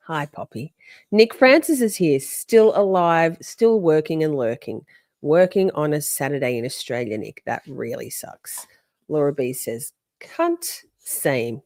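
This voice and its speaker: Lively, chatty woman live-streaming. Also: medium pitch, dry recording. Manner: chatty, greets viewers by name, scolds her dogs mid-sentence. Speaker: podcast host. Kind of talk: casual live-stream chat. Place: home with dogs.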